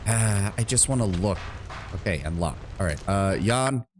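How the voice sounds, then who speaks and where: Brief: low-voiced male streamer, rambling profane play-by-play, light background noise. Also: expressive, moderate pace. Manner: rambling, profane, self-mocking. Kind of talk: live game commentary.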